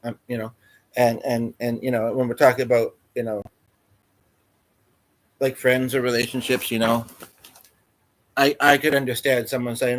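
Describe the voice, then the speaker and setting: Guy rambling on his livestream, lots of um and you know, mid pitch. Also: flat delivery, normal speed, long pauses. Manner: meandering, full of fillers and restarts. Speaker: livestream host. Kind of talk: rambling casual livestream chat.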